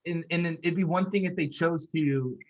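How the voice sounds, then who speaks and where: Relaxed male podcast host. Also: fairly high pitch, moderate pace, lo-fi sound. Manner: relaxed, loose, points out film craft details. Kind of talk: casual movie discussion.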